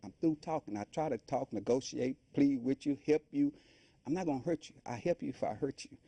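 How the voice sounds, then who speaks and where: A man's voice: mid-range voice, a little fast, gravelly, husky, dry recording. A middle-aged man being interviewed about his life, telling it in a loose, rambling way and acting out the voices of the people in it. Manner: animated storytelling, acting out quoted voices; loose, rambling colloquial speech. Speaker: guest.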